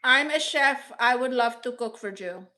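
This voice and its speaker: Sassy high-voiced woman chatting live. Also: animated, moderate pace, bright, forceful tone. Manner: blunt and sassy, peppered with Spanish exclamations. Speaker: livestream host reading viewer comments. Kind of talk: casual live chat. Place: rented apartment indoors.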